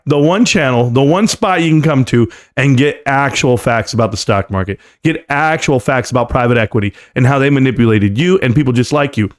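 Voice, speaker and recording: A man hosting a live stream, ranting in a combative, sarcastic and mocking way. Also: mid-range voice.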